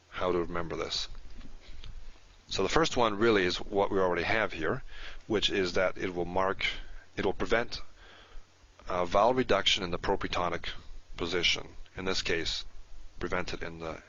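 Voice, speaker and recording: A man teaching a Hebrew grammar lesson, explaining patiently and slowing down to stress key words. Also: sits low, fairly bright tone, highs cut off. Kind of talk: online language lesson.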